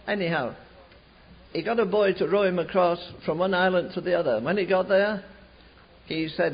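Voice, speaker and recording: A man preaching a sermon, telling a revival story in an animated way, slowing and rising for emphasis. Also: sits high, creaky, breathy edge. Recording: dull lo-fi recording.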